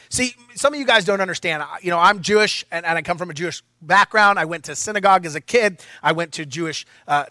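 Male pastor, lively sermon with playful asides; high, bright voice, dry close sound. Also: no echo. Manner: animated and playful, with asides to the congregation.

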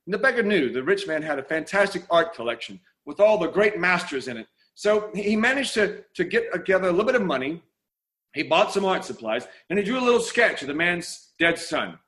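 A man delivering a sermon with an earnest, storytelling delivery. He paces his words dramatically and leans on repetition, in a fairly high speaking voice. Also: a bit bright. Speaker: preacher.

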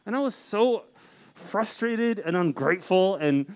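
A man's voice: high voice, lively intonation, measured pace, low-quality recording. A young man in his twenties preaching to a campus group, telling a personal story earnestly with casual "like" fillers. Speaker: campus ministry speaker. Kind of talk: sermon.

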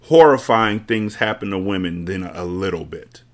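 A man's voice: deep voice, moderate pace. A man hosting a podcast, reading a novel aloud and breaking off for blunt, profane commentary. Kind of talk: casual read-aloud with commentary.

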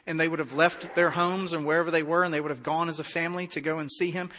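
A man preaching a sermon as pastor, in a conversational, animated way with acted-out dialogue. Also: fairly high pitch, quick pace, in a large hall, slight background noise.

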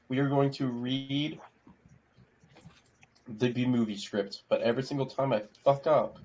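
A man's voice: medium pitch, steady tone, a little slow, darkish tone, slightly rough. A young man in a casual online chat with friends, rambling and stalling as he hunts for a topic.

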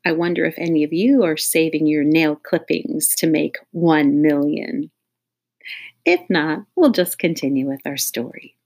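A woman's voice: low voice, fairly even intonation, unhurried, darkish tone, husky. A woman reading a children's audiobook aloud in a playful way, speaking directly to young listeners. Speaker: audiobook reader.

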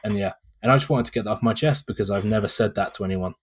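A man's voice: fairly low pitch, rapid-fire, husky. A British man chatting as a podcast guest late at night, tired and laughing often with wry asides. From Britain. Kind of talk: casual podcast chat.

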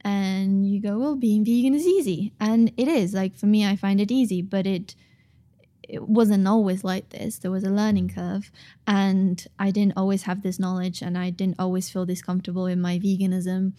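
Mellow-voiced woman talking earnestly. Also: medium pitch, little pitch movement, moderate pace. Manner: thoughtful, earnest, many ums and restarts. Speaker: author and guest. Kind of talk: casual podcast conversation.

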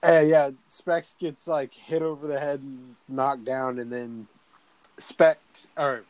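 A man's voice: mid-range voice, steady tone, takes it slowly, a little mellow, no echo, poor audio. Laid-back man recapping a movie. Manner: laid-back, rambling, swears often. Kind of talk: casual movie recap chat.

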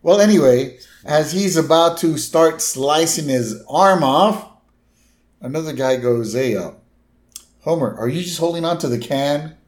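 A man's voice: fairly high pitch, expressive, measured pace, a little mellow. A man co-hosting a podcast, casually retelling a cartoon episode and adding wry asides. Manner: wry asides, adds commentary to the plot. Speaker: podcast co-host.

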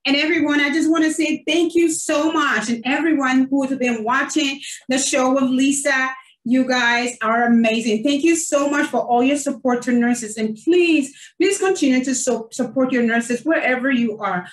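Woman host and nurse, effusive and chatty, slightly high, roomy far-off sound. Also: moderate pace. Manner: effusive, many fillers, emotional. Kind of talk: casual online interview. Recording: roomy, distant from the mic.

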